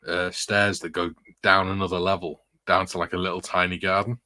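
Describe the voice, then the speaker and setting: Guy on a stream, deep voice, chuckles through his stories, dry close sound. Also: level tone, fairly quick, sharp tone, dry recording. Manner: rambling anecdotes with frequent chuckles. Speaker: streamer reading chat. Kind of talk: casual live-stream chat. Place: indoor room with curtains closed.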